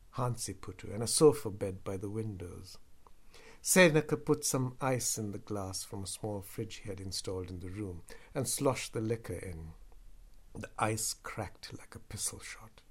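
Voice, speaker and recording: A man reading a first-person story aloud in a measured, subdued way that sometimes drops to a whisper. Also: on the low side, breathy edge. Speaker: narrator.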